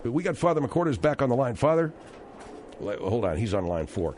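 A man's voice: mid-range voice, very animated, a little fast, a little mellow, a little hiss or hum, close to an everyday voice. An actor playing a combative radio talk show host who needles his guest with repeated questions.

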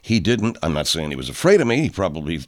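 Older man, angry profane monologue, low voice with wide swings from shouting to muttering. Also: sing-song, quick pace. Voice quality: heavy swearing, loud outbursts. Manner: ranting, rising into shouting then dropping low.

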